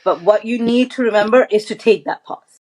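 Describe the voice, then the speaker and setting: A woman's voice: on the high side, fairly quick, darkish tone. A woman mindfulness coach as a podcast guest, talking earnestly and reflectively, often restarting her sentences. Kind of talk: casual interview chat.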